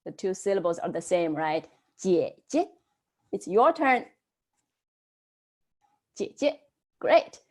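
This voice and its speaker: A woman leads an online language class at an unhurried pace. Her pitch swings widely as she models each word, then prompts the class to try it themselves. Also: sing-song. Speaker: Chinese language teacher.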